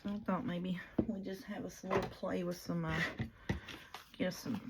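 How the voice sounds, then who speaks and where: A woman with a low, gravelly voice talks her way through a paper craft in a folksy, chatty manner. She talks to herself and to her materials as she works. The home recording is noisy, with clicks behind her. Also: steady tone, normal speed. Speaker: crafting vlogger. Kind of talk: casual crafting chat.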